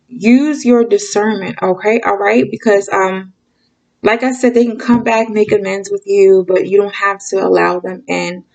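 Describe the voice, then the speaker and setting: A medium-pitched female voice with vocal fry comes through a rough recording. The speaker, a spiritual reader and channel host, casually lectures her viewers with frank tough love, regularly checking in with "okay?" and "you guys," talking rapidly when excited and acting out quoted voices.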